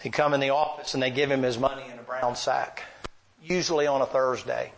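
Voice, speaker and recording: An older man preaching a folksy, animated sermon full of stories. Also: mid-range voice, brisk, creaky, slight background noise. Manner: folksy, animated, acts out voices. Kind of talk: sermon with storytelling.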